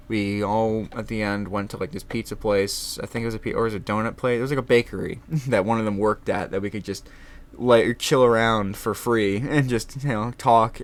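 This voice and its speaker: A young man chatting casually in his room, rambling with many restarts and swearing. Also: fairly low pitch. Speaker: vlogger. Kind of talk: casual chat.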